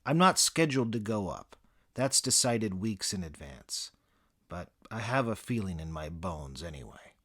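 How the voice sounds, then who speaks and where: A man narrating a comic first-person story in a dry, deadpan, boastful manner. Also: sits low, unhurried.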